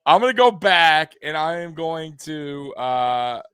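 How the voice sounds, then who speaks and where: A young man hosting a live sports stream, talking straight to his viewers in an animated, repetitive way with plenty of swearing. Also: fairly high pitch, slow, smooth, no room sound. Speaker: sports livestream host. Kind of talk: live postgame commentary to viewers.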